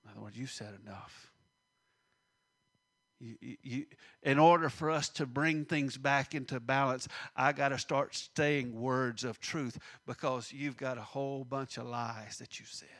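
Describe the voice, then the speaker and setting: A man's voice: mid-range voice, fairly even intonation, measured pace, a bit bright. A man preaching a sermon, acting out the voices in the scripture and dropping to a near-whisper at times.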